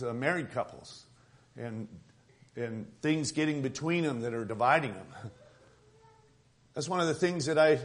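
A man preaching a sermon as pastor, conversational and joking, with quick asides. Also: medium pitch. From Tucson, Arizona.

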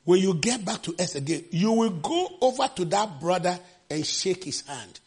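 A man preaching a sermon with passion, shouting refrains and acting out the scripture quotes. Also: lively intonation, moderate pace, husky. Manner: acts out quotes with sudden pitch jumps.

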